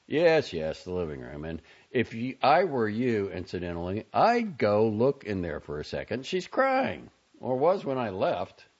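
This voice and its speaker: Man voicing a curt, impatient storybook young man, deep, husky and lively, on a muffled lo-fi take. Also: unhurried, few pauses, exaggerated voice. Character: irritable hurried young man.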